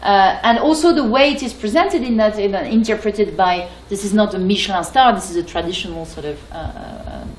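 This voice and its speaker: A woman from France with a French accent, giving an academic lecture and pausing often with fillers and restarts. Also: mid-range voice, echoey room, slight background noise, low-quality recording. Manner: hesitant, many fillers and restarts.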